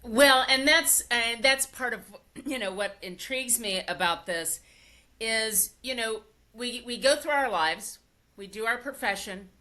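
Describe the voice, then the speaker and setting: An older woman hosts a relaxed podcast conversation in a bright voice. She talks casually, leaning on fillers and laughing easily with her guest. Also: a little high, unhurried. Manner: chatty, warm laughter, many fillers. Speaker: podcast host. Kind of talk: casual interview chat.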